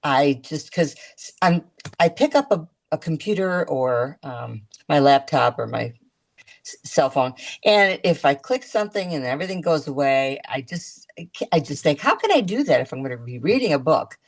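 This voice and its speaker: Low-voiced woman chatting on a call. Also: big pitch swings. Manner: chatty, halting with frequent restarts. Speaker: guest. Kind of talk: casual chat.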